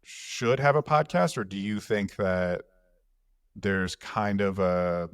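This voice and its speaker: A man's voice: lowish voice, lively intonation, slow, clear, resonant tone, no echo, clean studio sound. A man hosting a podcast interview, asking thoughtful, rambling questions with frequent restarts. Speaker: podcast host. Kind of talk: casual interview conversation.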